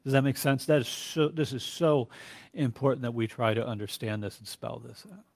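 A man teaching a classroom Bible lecture, reading scripture aloud and quizzing his class in an earnest, deliberate way. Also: medium pitch, no room sound.

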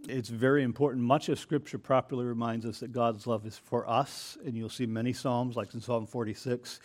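An earnest man teaches through a Bible passage in a reflective, unhurried way. His voice sits in a plain middle register, and he often breaks off to restart a sentence or add an aside. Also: mid-range voice, fairly even intonation.

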